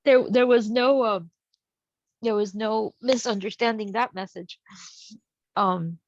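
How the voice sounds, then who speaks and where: A woman's voice: fairly high pitch, slow, no echo. A woman casually telling a personal story in a chatty way, acting out the people she quotes. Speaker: guest sharing a spiritual experience. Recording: dull, dry lo-fi sound.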